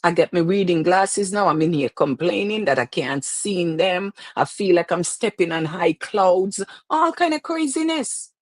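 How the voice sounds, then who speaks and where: A woman's voice: fairly low pitch, moderate pace, few pauses, no echo. A woman hosting a casual livestream show, chatting and preaching to viewers and greeting them by name. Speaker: host of a live-streamed talk show. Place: lives in New York.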